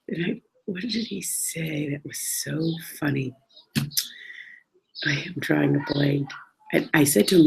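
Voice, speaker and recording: A woman's voice: sits low, slow, gravelly, pauses often, husky, rough recording. A woman telling travel stories in a chatty, casual way, acting out the voices she quotes. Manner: chatty, acts out quoted voices, laughs often. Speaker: travel storyteller. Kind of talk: casual storytelling.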